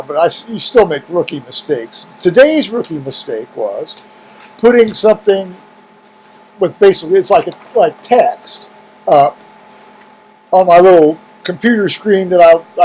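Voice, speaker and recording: A man's voice: sits high, a little mellow, rough recording. A middle-aged man talking casually to camera in a video blog at home, rambling with many restarts and fillers. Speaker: video blogger. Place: home room with heaters running.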